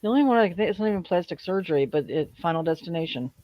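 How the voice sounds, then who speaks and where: Excitable man on a muffled mic. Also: a little high, very fast, dry recording. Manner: blunt and excitable, swears. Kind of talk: casual chat.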